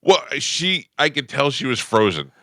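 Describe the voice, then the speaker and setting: A man hosts a morning radio show in a studio and spins stories in loose banter. His voice is gravelly and bright, with a lot of swing in pitch, and it jumps high whenever he quotes someone. The sound is dry and close to the mic. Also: moderate pace, no room sound. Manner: animated storyteller, jumps up high when quoting people. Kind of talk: casual radio banter, storytelling. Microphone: studio microphone.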